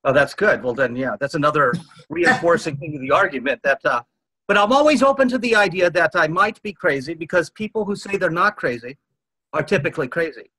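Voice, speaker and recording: Interview guest, fifties man, husky and dry-sounding, earnest rambling storyteller. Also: on the high side, lively intonation, a little fast, bright, forceful tone, dry recording, low-quality recording. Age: 50s. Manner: earnest, rambling, quotes others.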